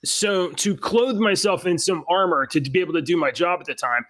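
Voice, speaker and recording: A man co-hosting a casual podcast, his voice sitting a little high. He rambles, restarts his sentences and laughs often. The sound is dry and close, with no room around it. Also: normal speed, a bit bright, no room sound. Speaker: podcast co-host. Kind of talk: casual chat.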